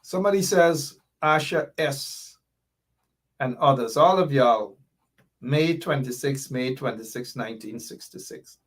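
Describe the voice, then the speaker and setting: A man's voice: mid-range voice, measured pace. A middle-aged man with a Guyanese accent hosting a political commentary livestream, impassioned and reading viewer comments aloud. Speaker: show host.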